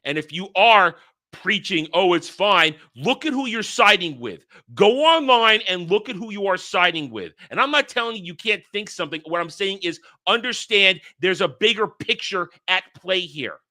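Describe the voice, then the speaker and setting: A man's voice: high-pitched, big pitch swings, moderate pace, bright, forceful tone. A man hosting his own channel, delivering a heated, emphatic commentary rant, punching single words and tossing in crude insults and mocking quoted voices. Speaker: host. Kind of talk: ranting commentary monologue.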